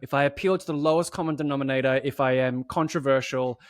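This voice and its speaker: A man co-hosting a podcast, talking in an animated, casual way with swearing and acted-out voices. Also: mid-range voice, fast, no room sound, clean studio sound. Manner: animated, swearing, acts out voices mid-story. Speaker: podcast co-host. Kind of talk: casual conversation.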